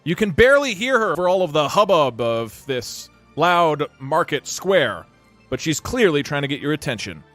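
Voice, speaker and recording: A man narrating a tabletop game as its game master and streamer, animated and quick to laugh. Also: on the high side, no echo, faint music behind.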